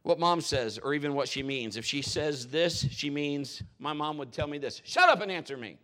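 A middle-aged man preaching a humorous sermon in a church, animated and jokey, laughing often and swinging between loud and soft. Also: a little high, normal speed. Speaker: pastor.

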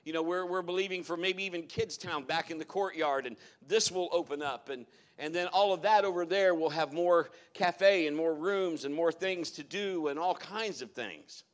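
A man's voice: a little high, moderate pace, hardly any pauses. A man preaching a sermon to his congregation in a church, telling folksy stories as he goes. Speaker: pastor.

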